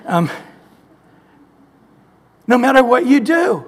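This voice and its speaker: Male pastor, high pitch, emphatic preaching style, echoey hall with long reverb. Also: unhurried. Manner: emphatic, repetitive preaching with scripture quotes. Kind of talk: sermon.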